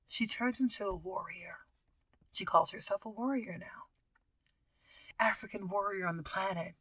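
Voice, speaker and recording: A woman hosting a podcast, telling a story in a casual, animated way and often dropping into whispers. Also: mid-range voice, measured pace, breathy edge, dry recording. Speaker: podcast host.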